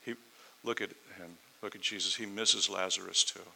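A man preaching a sermon, reading scripture aloud and then explaining it in a conversational way, swinging between loud emphasis and quiet asides. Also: sits low, fairly even intonation, moderate pace, creaky, low-quality recording. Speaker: pastor. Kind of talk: sermon, verse-by-verse Bible teaching.

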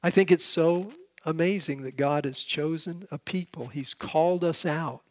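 A man's voice: on the high side, moderate pace. Man giving a casual Bible teaching. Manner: conversational, with frequent restarts. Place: seated, with a drink at hand.

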